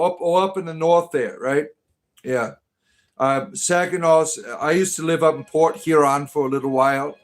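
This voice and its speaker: This livestream host from Detroit, Michigan reads viewers' comments out loud and answers them haltingly, rambling with lots of fillers and false starts. His voice is a little high.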